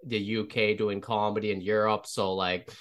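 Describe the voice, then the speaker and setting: A man's voice: on the low side, little pitch movement, moderate pace, a bit bright. Laid-back man hosting a comedy podcast. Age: 30s. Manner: swears casually, laughs often. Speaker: podcast host. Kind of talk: casual comedy podcast chat.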